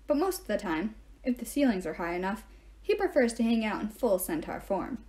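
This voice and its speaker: Woman reading a novel aloud, mellow. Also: medium pitch, brisk. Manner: even, first-person storytelling. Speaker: reader.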